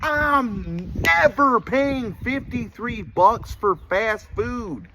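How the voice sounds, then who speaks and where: A young American man with a very high voice delivers a comedic rant monologue, exasperated and animated. He slips into quick put-on voices for the people he mocks, with slight background noise in the recording.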